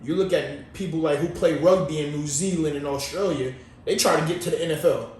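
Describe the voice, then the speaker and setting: This male podcast co-host has a fairly high, darkish voice and talks a little fast, rambling loosely and using slang in relaxed conversation. The room echoes, he's off-mic, and there's a faint hiss of noise.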